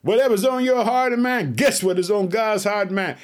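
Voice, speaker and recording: A man preaching an energetic Bible teaching, fervent and full of exclaimed hallelujahs. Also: sits high, moderate pace.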